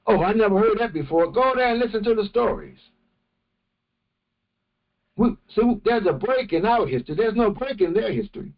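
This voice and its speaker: A man teaching a morning religious session, speaking slowly and deliberately and often restarting his phrases. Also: high voice, expressive, gravelly, lo-fi sound. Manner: slow, deliberate, with many restarts. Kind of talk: morning lecture.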